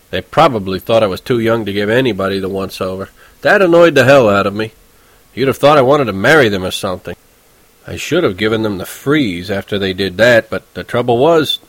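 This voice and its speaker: A man's voice: mid-range voice, no echo, low-quality recording. A man reading a first-person story aloud in a casual, wry, conversational way. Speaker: audiobook narrator. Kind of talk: first-person audiobook narration.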